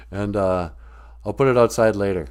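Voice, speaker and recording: Middle-aged male streamer, low voice with a lively swing, slow and loose, joking and rambling. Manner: joking and rambling, breaks into laughter and prayer. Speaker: host teaching Ojibwe words. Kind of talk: casual live-stream talk.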